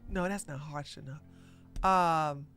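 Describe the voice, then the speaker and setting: Slow, bright-voiced sarcastic woman host. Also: sits low, fairly even intonation, faint music behind. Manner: sarcastic, blunt, talks to chat. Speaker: podcast host. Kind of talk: livestream political commentary.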